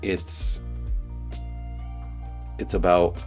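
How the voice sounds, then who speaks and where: A man's voice: low voice, flat delivery, drawn-out words, darkish tone, soft background music. A man with a slight lisp giving casual dating advice in a reaction commentary, earnest and rambling with frequent restarts.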